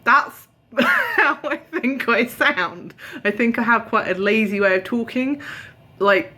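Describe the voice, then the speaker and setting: A woman's voice: a little high, very animated, takes it slowly, pushed and bright. A tired young British woman chatting to her camera at home, telling stories animatedly, acting out voices and sometimes dropping to a whisper. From Britain. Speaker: vlogger. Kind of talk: casual chat. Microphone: camera held at arm's length.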